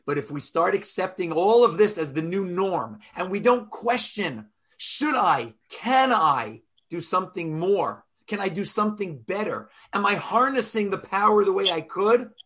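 A man teaching a weekly Torah class over a video call, telling stories and acting out quotes with lively jumps in his voice. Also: normal speed, husky. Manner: animated storyteller, acts out quotes with big pitch jumps.

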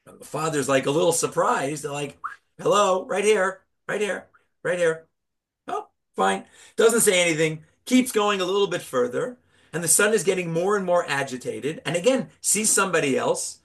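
High-voiced man teaching Torah. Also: a little fast, creaky. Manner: animated storytelling, rhetorical questions. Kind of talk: Torah class.

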